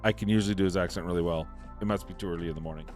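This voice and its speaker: A mobile game content creator rants emphatically with opinionated commentary on a game, repeating points to hammer them home. His voice is low and darkish, steady in tone and very fast, with faint music in the background.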